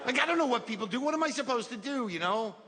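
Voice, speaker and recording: A man's voice: very high-pitched, animated, fast talker, a crowd in the background, background noise. A middle-aged man doing a stand-up routine on stage, rambling and self-deprecating. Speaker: stand-up comedian. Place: comedy venue stage. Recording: live hall reverb with audience.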